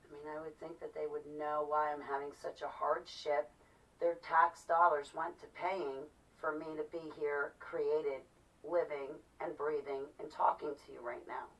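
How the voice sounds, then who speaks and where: A woman's voice: low-pitched, level tone, measured pace. A woman talking to camera in a personal monologue, impassioned and emphatic. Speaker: vlogger. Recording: distant mic, dull lo-fi sound.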